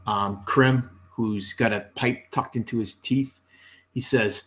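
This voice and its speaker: A man narrating as game master for a tabletop game, slow and halting with many fillers. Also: mid-range voice, steady tone, a bit bright.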